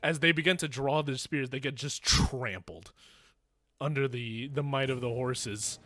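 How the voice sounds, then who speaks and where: A man's voice: medium pitch, unhurried, sharp tone. A young man narrating as game master in an online tabletop game, rambling and correcting himself as he goes.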